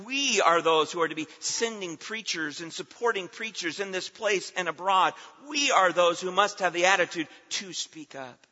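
High, bright-voiced man preaching a sermon. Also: in a large hall, lo-fi sound. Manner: emphatic, rhythmic repetition with swelling and dropping delivery. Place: church sanctuary.

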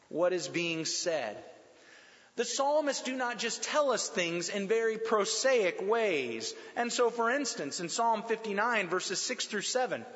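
A man preaching a sermon in an animated, emphatic way, slowing down and repeating lines to drive points home. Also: high-pitched. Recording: dull sound with long hall reverb.

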